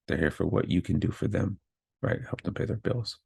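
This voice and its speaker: A man's voice: low voice, fairly quick, gravelly, darkish tone, husky, no echo. A man hosting his own podcast, talking candidly and earnestly about growing from hardship, often checking in with "right?". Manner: earnest, self-affirming, frequent "right?" asides. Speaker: podcast host. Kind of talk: candid motivational monologue.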